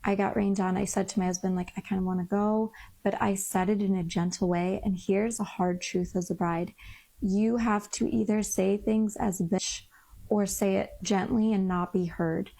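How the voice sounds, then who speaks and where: Frank young woman, slightly gravelly voice. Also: medium pitch, fairly even intonation, moderate pace, mellow. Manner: frank, rambling, exasperated storytelling. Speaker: vlogger. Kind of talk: candid storytelling vlog.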